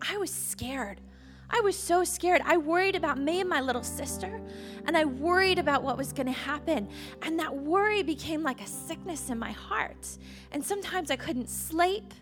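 High-voiced woman preaching to children. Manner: lively and questioning at first, then soft and earnest. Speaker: children's ministry speaker. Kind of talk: children's sermon to a live audience.

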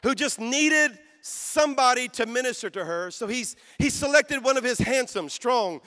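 Male pastor, high and bright, shifts between soft storytelling and shouted exhortation. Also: lively intonation, moderate pace. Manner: storytelling, dropping to soft voice then rising to shouts. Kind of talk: sermon. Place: conference hall.

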